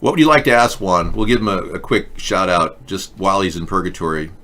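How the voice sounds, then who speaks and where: A man with a deep voice hosts a live political chat show, speaking briskly in a pushed, bright tone. His talk is casual and satirical, sarcastic and mocking, and he plays off a live chat.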